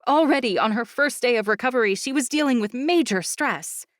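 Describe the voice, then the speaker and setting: A woman narrating a fantasy audiobook in the first person, with steady storytelling. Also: fairly high pitch, a little fast, dry recording, clean studio sound.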